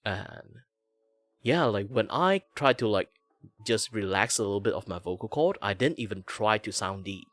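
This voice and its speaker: A man in his thirties from Malaysia chatting casually, jumping between low and high voices to show them off. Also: animated, moderate pace, a bit bright. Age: 30s. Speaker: VTuber guest or co-host. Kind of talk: casual chat.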